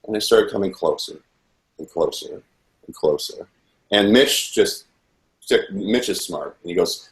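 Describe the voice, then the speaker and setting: A man with a fairly low voice recounts his testimony intensely, replaying the dialogue as he goes. He sounds earnest and urgent. The recording has a roomy echo. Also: moderate pace. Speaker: witness giving testimony. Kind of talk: personal testimony, recounting events. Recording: echoey room.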